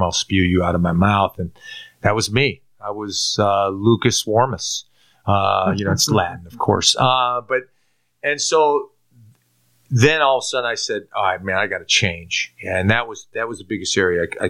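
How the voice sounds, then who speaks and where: A man's voice: fairly low pitch, vocal fry. A man from Turkey giving a personal faith testimony as a guest, acting out his own past lines and restarting often with repeated words. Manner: animated storyteller who acts out his own past lines; frequent repeated-word restarts.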